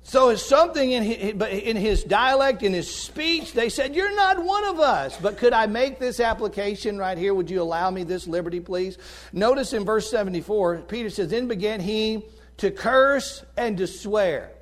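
High-voiced Southern preacher. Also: male voice, moderate pace. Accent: Southern American. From American South. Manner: folksy, swinging from hushed asides to shouted peaks. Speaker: guest preacher. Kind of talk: sermon.

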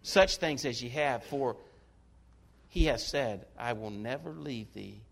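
A pastor preaching a sermon, emphatic and folksy, with joking asides. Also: male voice, medium pitch, slow pace, vocal fry.

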